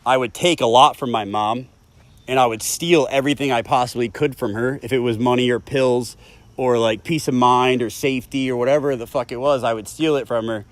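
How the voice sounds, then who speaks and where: A man's voice: mid-range voice, fairly even intonation, a little fast, no room sound. A man in his thirties giving a candid, emotional personal share at a recovery meeting, swearing often as he speaks. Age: 30s. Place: meeting room.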